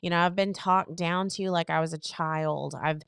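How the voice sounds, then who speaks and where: A woman co-hosting a casual relationship advice podcast, chatty and full of fillers, acting out what people say in quick little retellings. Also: on the low side, fairly even intonation, vocal fry, a bit bright, smooth, no echo, studio quality. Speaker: podcast co-host.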